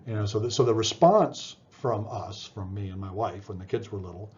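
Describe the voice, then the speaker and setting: A man's voice: lowish voice, moderate pace, a little mellow, slight background noise. A middle-aged man giving a casual psychology lecture, talking conversationally with fillers, restarts and frequent "right?" checks. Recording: dull lo-fi lecture recording.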